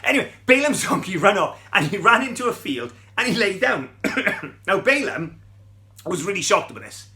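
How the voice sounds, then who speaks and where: A man's voice: sits high, very animated, normal speed, pushed and bright. A middle-aged man, telling a Bible story to children in a chatty, playful way and asking them questions.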